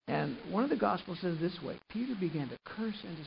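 A man preaching a sermon and retelling a gospel story, swinging from quiet narration up to loud, emphatic passages. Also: high voice, fast talker, gravelly, hardly any pauses, husky. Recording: muffled lo-fi recording with faint hiss.

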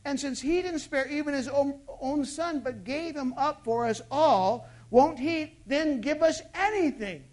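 A pastor delivering a sermon, moving from loud emphatic bursts to hushed intimate asides and asking the congregation rhetorical questions. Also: high voice, a little slow, hardly any pauses.

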